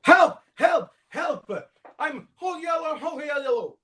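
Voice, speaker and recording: A man playing hot-headed Red, high and shouty. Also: very animated, measured pace, full character voice. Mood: panicked. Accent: Italian. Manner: shouting, alarmed. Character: proud hot-tempered male color Red.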